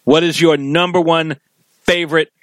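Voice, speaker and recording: A man's voice: a little high, steady tone, normal speed, a bit bright, dry recording, rough recording. Chatty man, dry close sound. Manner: chatty, quotes scenes in put-on voices. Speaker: podcast co-host. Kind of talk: casual chat about a cartoon.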